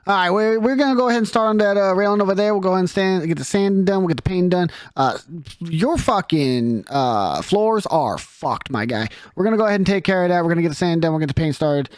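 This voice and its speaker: Guy playing a blunt swearing lady carpenter boss, fast and no-nonsense, dry close sound. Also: lowish voice, lively intonation, dry recording, pitched above the performer's own voice, natural voice. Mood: brisk. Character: tall gruff foul-mouthed woman carpenter boss.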